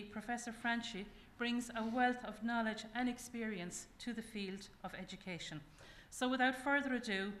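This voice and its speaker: A woman's voice: mid-range voice, fairly bright tone. A woman hosting an event, giving a formal and gracious welcome speech. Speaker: event host. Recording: echoey room with faint ambient noise.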